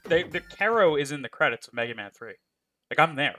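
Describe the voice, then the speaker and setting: Bright, joking male streamer swearing casually. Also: fairly high pitch, expressive, brisk, faint music behind. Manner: profane, joking, rambling banter. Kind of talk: casual chat while playing a game live.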